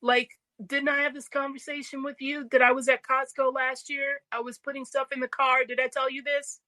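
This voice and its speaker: A woman co-hosting a casual podcast chat who tells animated stories and acts out the voices of people in them. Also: sits high, normal speed, no room sound. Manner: animated, acts out quoted voices, laughs easily. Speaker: podcast co-host.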